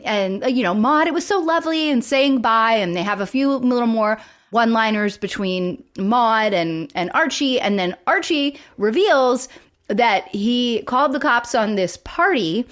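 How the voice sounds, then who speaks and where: A woman's voice: a little high, animated, moderate pace. A woman co-hosting a podcast, chatting casually as she recaps a sitcom episode and retells its scenes. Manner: chatty, retells scenes with quoted voices and fillers. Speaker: podcast co-host.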